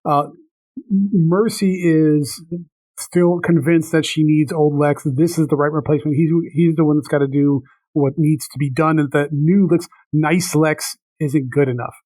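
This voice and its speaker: A man's voice: on the high side, fairly even intonation, unhurried, a little mellow, no room sound, low-quality recording. A man co-hosting a podcast, chatting about comics with playful, jokey asides. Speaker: podcast co-host. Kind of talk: casual comic book review chat.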